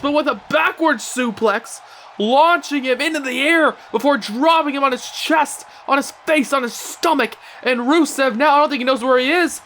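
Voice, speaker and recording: A young man giving excitable play-by-play commentary on a wrestling video game, breaking into shouts at big moves. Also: very high-pitched, a little fast, a little hiss or hum.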